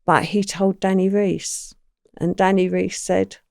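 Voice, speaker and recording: An older woman, a podcast guest telling her past with lively, acted-out quotes. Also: mid-range voice, a little slow, gravelly, no echo, studio quality. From England. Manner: animated storyteller, acts out quoted lines. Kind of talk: recounting crime memories in a podcast interview.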